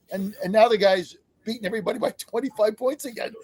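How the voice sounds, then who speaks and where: A man on a sports betting podcast panel, talking in an animated, playful way and acting out what a coach might say. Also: sits high, fast talker. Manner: animated, playful, acts out quotes. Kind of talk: casual sports analysis chat.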